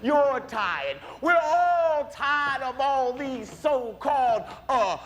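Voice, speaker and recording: A man voicing a bigoted cartoon ranter, preaching to his cousins in a very high, swooping voice. He drags the words out slowly into a shouted tirade. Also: animated, lo-fi sound, full character voice. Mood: ranting.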